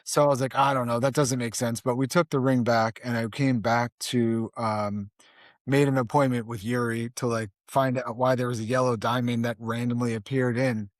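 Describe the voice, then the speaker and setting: Middle-aged male guest, casual storyteller, acts out dialogue, mid-pitched, dry close mic. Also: moderate pace, dry recording. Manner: animated, acts out dialogue, peppers lines with "right?". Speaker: podcast guest.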